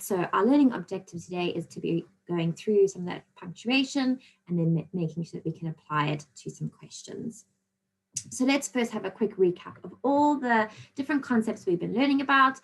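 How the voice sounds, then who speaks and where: A woman teaching a recorded grammar lesson to young pupils. Her voice sits fairly low and has a gravelly edge. She explains each point patiently and checks in with an "okay?". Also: rough recording. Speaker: primary school teacher.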